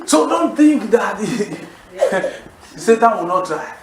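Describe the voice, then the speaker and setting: A man with a high, lively voice preaches a sermon in an echoey church hall. He calls out questions and pauses for the congregation to answer back. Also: a crowd in the background. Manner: animated, calls for congregation responses.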